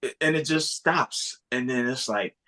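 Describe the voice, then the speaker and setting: A man's voice: medium pitch, measured pace, sharp tone. A man co-hosting a casual music podcast, talking in a thoughtful, hesitant way with lots of filler words. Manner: thoughtful, hesitant, full of "like" and "you know". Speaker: podcast co-host.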